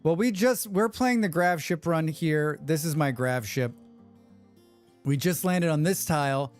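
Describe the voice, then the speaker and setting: A man hosting a live game stream, chatting quickly with viewers and thinking aloud as he plays. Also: on the high side, faint music behind. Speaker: livestream game host. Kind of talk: casual live gameplay commentary.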